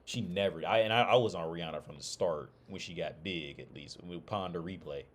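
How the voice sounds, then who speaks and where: Deep-voiced casual guy. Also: a little fast, a little hiss or hum. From Ohio. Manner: rambling, profane, loose restarts. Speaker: streamer. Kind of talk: casual livestream chat.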